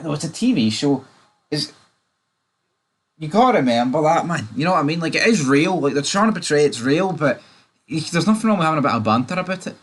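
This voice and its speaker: A man in casual, opinionated chat about a TV series. He rambles and keeps turning to the viewer with asides. His voice sits at an ordinary middle pitch. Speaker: TV show reviewer.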